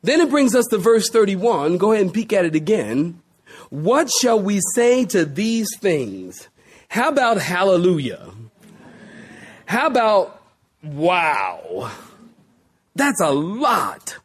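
Animated, high-pitched male preacher. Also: husky. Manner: preaching with dramatic pauses and drawn-out words; addresses listeners as saints, calls for responses. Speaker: pastor. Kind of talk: sermon.

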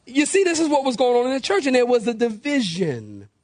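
A male pastor delivers a sermon in a high, animated voice that leaps up and down. He jokes, acts out the people he quotes, and calls for responses from the congregation. The sound is close and dry. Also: a little fast, no echo.

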